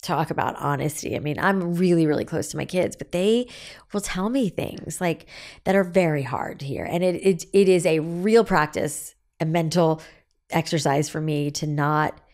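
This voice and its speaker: A woman's voice: sits low, normal speed, darkish tone. A woman in her forties speaking candidly as a podcast guest, telling stories animatedly and acting out quoted dialogue. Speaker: guest, business founder.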